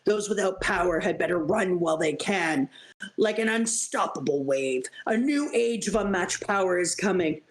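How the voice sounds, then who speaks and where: A woman voicing a menacing, smug adult male pirate warlord who talks slowly and mockingly. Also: fairly low pitch, animated, reverberant, natural voice. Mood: smug menace.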